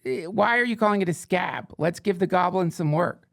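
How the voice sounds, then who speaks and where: A man's voice: high voice, normal speed, vocal fry, no room sound, clean studio sound. A man hosting a podcast, reading fake fantasy news with profane, sarcastic and rambling asides. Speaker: podcast host.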